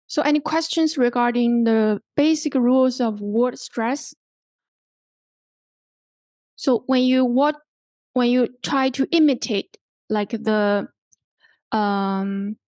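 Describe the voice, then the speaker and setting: A woman lecturing a workshop class in a slow, unhurried way, pausing and restarting her sentences as she explains. Her voice sits fairly high and sounds close and dry, with no room echo. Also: darkish tone. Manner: explains slowly with many restarts and fillers. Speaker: language workshop instructor.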